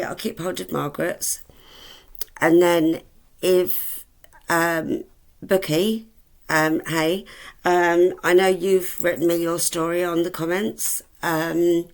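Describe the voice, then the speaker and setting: Woman vlogger in her forties; gravelly, unhurried, rambling, affectionate and full of ums. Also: low-pitched. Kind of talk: casual chat to camera.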